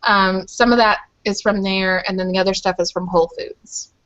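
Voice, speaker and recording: A woman from Louisville, Kentucky, speaking in a mid-range, slightly bright voice with fairly even intonation and normal speed, joins a group call as a guest. She chats casually and rambles, using many fillers, and her webcam audio sounds muffled.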